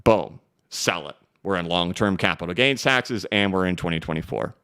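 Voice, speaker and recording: A man's voice: low-pitched, clean tone. A man hosting a live-stream crypto market show, talking emphatically while he goes through charts and reads viewer questions. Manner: energetic, emphatic, talks fast. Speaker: crypto market analyst host.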